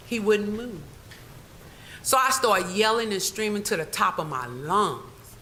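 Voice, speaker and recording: A woman's voice: mid-range voice, unhurried, sharp tone, a little hiss or hum, low-quality recording. A woman giving an emphatic public comment at a board meeting, telling her story and repeating key phrases. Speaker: public commenter, former employee.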